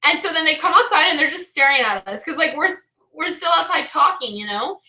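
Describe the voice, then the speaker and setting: A woman's voice: sits high, animated, brisk, pushed and bright, roomy sound. A woman vlogger telling a story in a casual, chatty way, filling her talk with "like" and often breaking into laughter.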